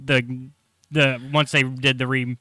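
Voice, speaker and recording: A man's voice: mid-range voice, level tone, slow, sharp tone, dry recording. A young man co-hosting a casual podcast chat in an easygoing, agreeable way. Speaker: podcast co-host.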